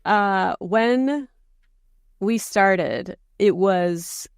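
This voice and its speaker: A woman, a voice actor guest, talking in a relaxed, thoughtful way on a podcast. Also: medium pitch, very slow, smooth, no room sound, studio quality. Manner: relaxed, thoughtful, reacts with short exclamations. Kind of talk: casual interview chat.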